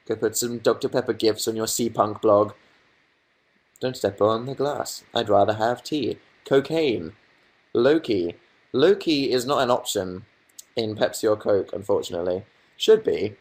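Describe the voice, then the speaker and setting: A man's voice: lowish voice, moderate pace, darkish tone. A young man from England hosting a casual livestream from his bedroom, reading out viewer comments and answering them with dry, sarcastic asides. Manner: reads chat aloud, dry sarcastic asides. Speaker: livestream host.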